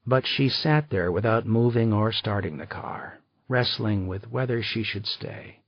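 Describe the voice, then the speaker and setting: A man reading an audiobook in scripted narration, measured and unhurried. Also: lowish voice, vocal fry, husky, dry recording. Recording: dull lo-fi dry recording.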